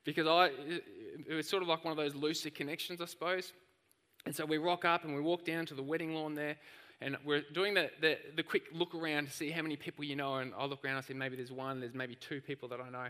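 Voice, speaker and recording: A man preaching a sermon, telling stories in an animated, lively way. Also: fairly high pitch, fast, long reverb tail. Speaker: pastor.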